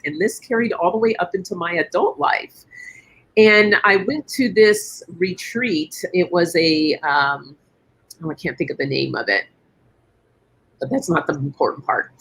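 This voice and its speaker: A woman hosting a casual live-stream chat, telling stories with animated, acted-out quotes. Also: lowish voice, slightly rough, low-quality recording. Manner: animated storytelling, acting out quoted voices. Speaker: host.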